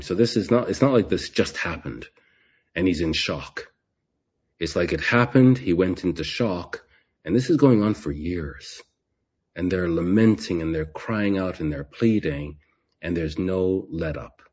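A man giving an unhurried Bible teaching, often repeating and restarting his phrases. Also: deep voice, animated, a little mellow, slightly rough, dull audio.

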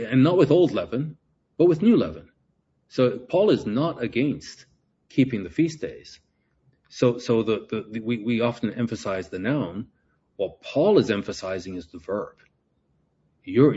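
A man's voice: medium pitch, dark tone, slightly rough, dull audio. A man teaching a Bible passage verse by verse, explaining Greek words and often repeating himself as he works through a point.

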